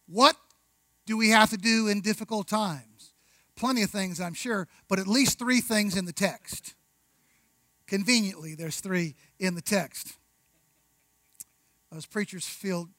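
A man preaching a sermon, conversational, with rhetorical questions, asides and slow, deliberate emphasis on key words. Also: high voice, pushed and bright, dry recording, rough recording. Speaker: pastor.

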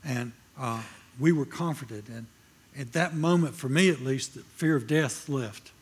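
A man's voice: mid-range voice, measured pace, husky. An older man preaching a sermon, telling a personal story with emphatic, shifting delivery. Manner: emphatic, swings from loud proclaiming to quiet storytelling.

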